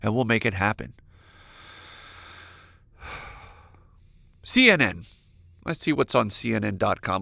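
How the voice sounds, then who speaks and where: A podcast host delivers a crude, animated comedic rant on his own. His voice has a gravelly fry and swings widely in pitch. The sound is dry and close. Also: no echo. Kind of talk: comedic solo monologue.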